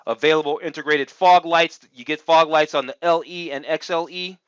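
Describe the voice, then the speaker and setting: A male car review host gives casual screen-share commentary, chatty and upbeat, thinking aloud with lots of "uh"s. His voice is on the high side and a bit bright, with fairly even intonation at normal speed. The clean, dry recording comes from a dull-sounding home mic.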